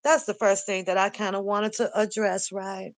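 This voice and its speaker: A woman's voice: mid-range voice, level tone, normal speed, dry recording. An older woman hosting a casual live stream, ranting bluntly and profanely with lots of animation. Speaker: commentary channel host.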